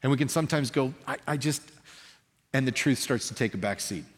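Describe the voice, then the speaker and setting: A man preaching a sermon as pastor, speaking conversationally and acting out dialogue in an animated way. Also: medium pitch, fairly quick. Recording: long hall reverb.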